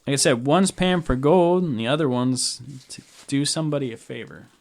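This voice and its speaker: A man's voice: mid-range voice, lively intonation, normal speed. Rambling, laughing game master man. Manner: casual, rambling, laughs often. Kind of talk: narrating a tabletop game.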